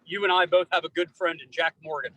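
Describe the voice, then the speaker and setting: Energetic folksy man, bright high voice. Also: fast talker, slight background noise, low-quality recording. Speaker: political candidate. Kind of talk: campaign interview answer.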